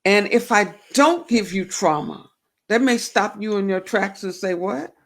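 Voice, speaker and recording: A woman's voice: mid-range voice, normal speed. A woman hosting a faith-based talk show, reflecting aloud and asking herself questions. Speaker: show host.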